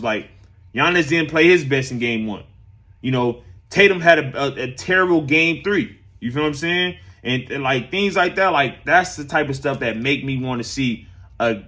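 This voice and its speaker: A man's voice: mid-range voice, pushed and bright. Rambling man hosting casual sports talk. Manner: loose and rambling, repeats phrases, addresses viewers directly. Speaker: host of a sports talk stream.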